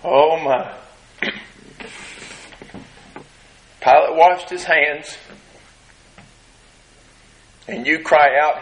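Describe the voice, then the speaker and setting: A man preaching a sermon, retelling a scene dramatically and acting out the crowd's shouts. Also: fairly high pitch, fairly even intonation, rough recording. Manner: slow, drawn-out delivery with long pauses.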